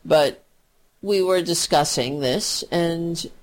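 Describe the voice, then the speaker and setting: A woman's voice: fairly low pitch, takes it slowly. A woman filling in as a radio talk show host, delivering a heated, sarcastic and profane political monologue.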